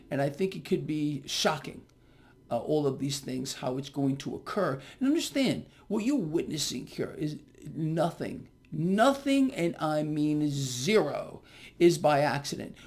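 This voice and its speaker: A man's voice: fairly high pitch, darkish tone. A man giving an emphatic market commentary straight to his viewers, repeating his words and often checking in with "okay?" and "people". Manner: calls his audience "people". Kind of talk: direct-to-camera market commentary.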